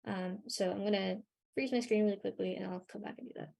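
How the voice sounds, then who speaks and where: A young woman leading a live coding workshop, talking through her screen with many ums and pauses, her voice a little worn. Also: mid-range voice, steady tone, vocal fry, dark tone. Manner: hesitant, many ums and sort ofs. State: losing her voice a bit. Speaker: workshop instructor.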